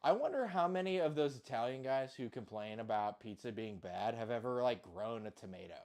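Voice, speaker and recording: A man's voice: mid-range voice, lively intonation, fairly quick, a little mellow. Home-cook vlogger, male, loose and self-deprecating, casual profanity. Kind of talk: casual kitchen chat.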